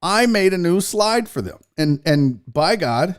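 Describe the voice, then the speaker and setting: A man's voice: high-pitched, big pitch swings, a little slow, clean tone. A man in his forties hosting a sports talk show, bantering casually with jokes and self-mocking asides. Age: 40s.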